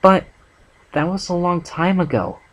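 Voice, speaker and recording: Dude doing a shy gentle pony girl, just a bit higher than his normal voice. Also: measured pace. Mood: pleading. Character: timid gentle female pony, pleading. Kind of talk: amateur fanfic reading.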